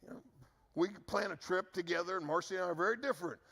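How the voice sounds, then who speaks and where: Gravelly high-voiced male pastor preaching. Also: fast, a bit bright, big-room sound. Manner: earnest, repetitive emphasis, drops low for key words. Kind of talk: sermon.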